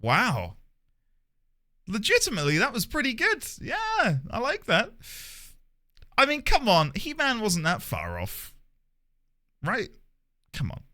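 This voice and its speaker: A man's voice: high voice, wildly swooping pitch, takes it slowly, long pauses, pushed and bright. A man live-streaming a game, chatting casually with viewers, greeting them by name and playing up mock outrage.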